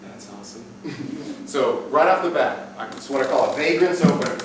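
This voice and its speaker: Crude, animated man in an echoey hall. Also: a little slow, slight background noise. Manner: crude, animated, swings between loud hype and low murmured demos. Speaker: dating coach speaking at a seminar. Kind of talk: live seminar talk to an audience. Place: event hall. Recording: distant echoey room recording with faint ambience.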